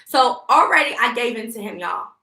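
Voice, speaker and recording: A woman tells a personal story straight to her viewers, emphatic and profane. Her voice sits a little high and has a gravelly fry. The sound bounces around a reverberant room. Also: expressive, brisk, sharp tone. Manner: emphatic, heated, profane, addresses viewers directly. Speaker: vlogger. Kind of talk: casual venting storytime to viewers. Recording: echoey room.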